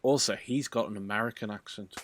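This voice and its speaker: A man's voice: fairly low pitch, a little fast. A man streaming a game, casually thinking aloud as he plays. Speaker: let's play streamer.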